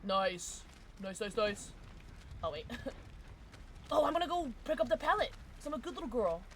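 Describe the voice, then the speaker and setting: A woman's voice: on the high side, sing-song, normal speed, slight background noise. A young woman streaming a game, chatting casually and giggly with her viewers. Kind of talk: casual gaming stream chat.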